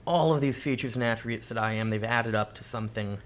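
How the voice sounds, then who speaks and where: A man guesting on a podcast, speaking reflectively in halting, searching phrases. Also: on the low side. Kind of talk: casual chat.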